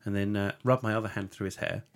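A man's voice: lowish voice, fairly even intonation, fast talker. A man hosting a casual podcast, jokey and loose, laughing at his own slips. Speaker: podcast host.

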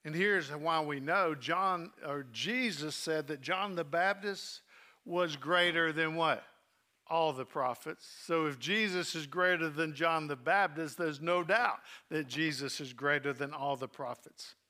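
A man preaching a sermon woven with personal memories, earnest and heartfelt. His voice sits a little high and sounds bright and forceful. He eases into quiet, soft delivery at the tender moments. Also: a little slow. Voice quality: earnest, drops soft when emotional.

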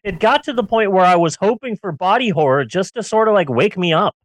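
A man's voice: high-pitched, expressive, a little fast, no echo. A man co-hosting a casual movie-review podcast, ranting sarcastically and riffing with jokes. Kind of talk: casual comedic film review chat.

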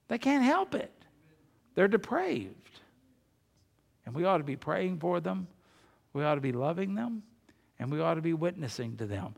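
A man preaching a sermon as pastor, moving between emphatic rises and quiet conversational asides. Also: high voice, creaky, in a large hall.

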